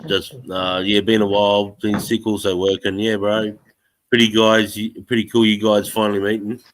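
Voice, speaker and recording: A man's voice: lowish voice, little pitch movement, normal speed, low-quality recording. A man with an Australian accent hosting a livestream, chatting casually and swearing a lot, laughing as he retells things. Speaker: livestream host. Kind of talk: casual chat.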